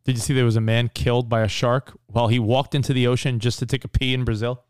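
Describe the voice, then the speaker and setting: A man's voice: mid-range voice, flat delivery, fast talker, clear, resonant tone, no room sound, studio quality. A man co-hosting a podcast, pushing his friends and joking with crude, casual banter. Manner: pushy, profane banter. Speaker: podcast co-host. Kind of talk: casual chat.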